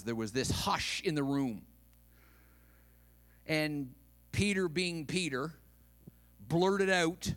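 Pastor guy preaching, big swings quiet to loud, higher voice, really lively. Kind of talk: sermon.

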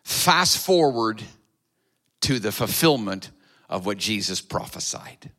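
A man's voice: lowish voice, very animated, slow pace, sharp tone. A man preaching a sermon to his church, retelling a story dramatically and acting out the voices. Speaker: pastor.

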